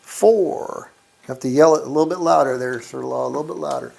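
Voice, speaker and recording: A man's voice: mid-range voice, steady tone, very fast, vocal fry, noisy background. A man giving casual running commentary while he plays, calling out each dice roll and muttering mild curses. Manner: calls out dice rolls, mutters mild cursing. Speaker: gambling vlogger. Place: casino electronic craps machine.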